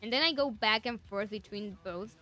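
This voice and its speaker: A woman's voice: medium pitch, moderate pace, sharp tone, faint music behind. A young woman with a Spanish accent, a native Spanish speaker, chatting casually and enthusiastically with her stream viewers. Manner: enthusiastic, rambling.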